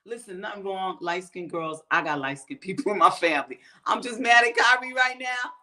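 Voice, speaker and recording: An American woman hosting her own show rants straight to her viewers in profane, fired-up commentary. Her mid-range voice is sharp in tone and her pace is brisk.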